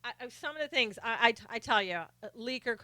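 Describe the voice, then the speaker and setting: A woman's voice: fairly high pitch, lively intonation, brisk, bright, forceful tone, dry recording. A middle-aged woman hosting a live stream, chatting casually and sarcastically about politics while greeting viewers by name.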